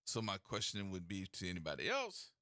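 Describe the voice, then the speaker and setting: A man hosting a call-in radio talk show, telling stories in a folksy, animated way. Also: deep voice, brisk, dry recording, studio quality. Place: radio studio. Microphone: studio mic.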